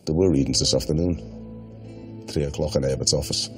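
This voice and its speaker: An actor playing a glum, sincere man with a slow, flat delivery. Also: a bass voice, music in the background. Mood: solemn.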